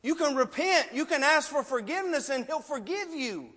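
Male preacher, high voice, passionate and pleading, heard in a hall with long reverb. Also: animated, moderate pace. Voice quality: passionate, emotional, loud at times. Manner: rhetorical questions, pleading. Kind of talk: sermon with altar call. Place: church sanctuary.

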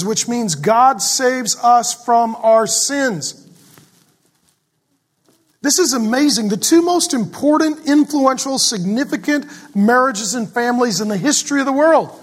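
A middle-aged man preaching a sermon, swinging from loud emphatic passages to a soft, fatherly hush. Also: extremely high pitch, animated, moderate pace. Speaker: pastor.

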